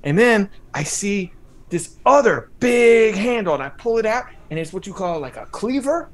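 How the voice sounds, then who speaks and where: A man's voice: sits high, expressive, moderate pace, pitched above the performer's own voice. A man voicing a tough old-school male gangster from Los Angeles, speaking with a Chicano English accent in a swaggering, streetwise way. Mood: wild.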